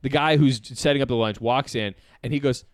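A man's voice: medium pitch, a little fast, no room sound, studio quality. A man co-hosting a comedy podcast, telling a story in casual chat and acting out the people in it. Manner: animated, acts out quoted people. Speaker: podcast co-host. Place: apartment.

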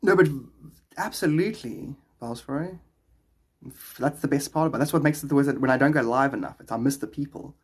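A man's voice: mid-range voice, fairly even intonation, rapid-fire, few pauses, slightly rough. A young South African man chatting casually with his live stream viewers, rambling and laughing often.

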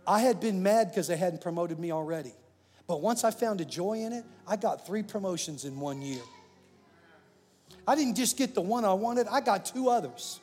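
A man preaching with a high voice that climbs even higher on his loudest lines, then drops to a near hush. His delivery is animated and personal. Long reverb trails behind him in a large hall. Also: normal speed, slightly rough. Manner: animated, swings from loud to hushed. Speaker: pastor. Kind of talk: sermon.

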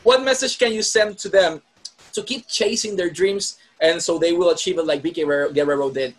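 A man hosting an interview, asking long, winding questions at an unhurried pace. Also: sits high, low-quality recording. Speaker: interview host.

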